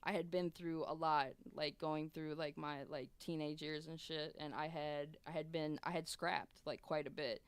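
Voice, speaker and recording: A woman's voice: low voice, steady tone, normal speed, few pauses, clear, resonant tone, no room sound. A young adult woman streamer telling a long personal story in casual, profane, rambling chat with many restarts.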